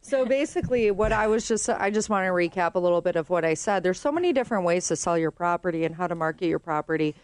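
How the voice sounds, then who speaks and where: A woman's voice: on the low side, animated, fast, few pauses, darkish tone, no echo. A woman speaking as a real estate guest in a radio studio, chatty and explanatory. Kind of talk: radio interview.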